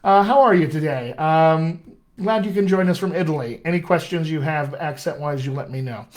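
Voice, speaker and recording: American guy coaching accents on a live stream, chatty and excited, kinda high voice. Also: normal speed. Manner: chatty, enthusiastic, reads out viewer questions. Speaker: dialect coach.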